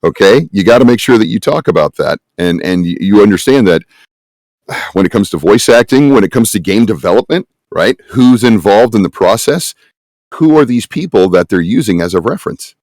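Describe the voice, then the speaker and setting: Male casting producer, fairly low voice, dry sound, emphatic, chatty panel delivery. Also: expressive, moderate pace, a little mellow, no echo. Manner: emphatic, conversational, uses rhetorical questions. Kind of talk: conference panel talk.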